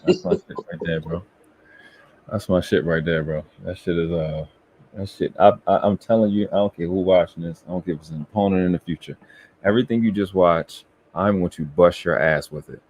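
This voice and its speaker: Casting: lowish-voiced man, brash and profane, bragging hard in an unscripted live chat. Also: brisk, darkish tone, husky. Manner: boastful, profane, emphatic. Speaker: co-host. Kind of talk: casual live-stream chat.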